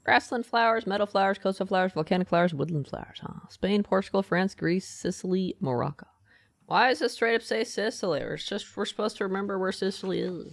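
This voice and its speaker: Game streamer, gravelly voice with some fry, dry close sound, talks through puzzles and reads on-screen text. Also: medium pitch, brisk, no echo. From United States. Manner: chatty, thinks aloud and reads game text aloud. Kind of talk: live gaming commentary.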